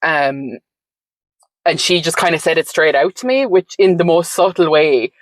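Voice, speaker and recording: A woman's voice: sits low, normal speed, no echo, rough recording. Reflective woman with dry sound. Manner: reflective, meandering, frequent "like" and "um" fillers. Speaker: podcast guest. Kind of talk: conversational storytelling.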